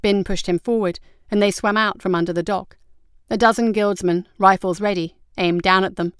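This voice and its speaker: Crisp, even-voiced woman narrating. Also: medium pitch, normal speed, no room sound, clean studio sound. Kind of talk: scripted narration.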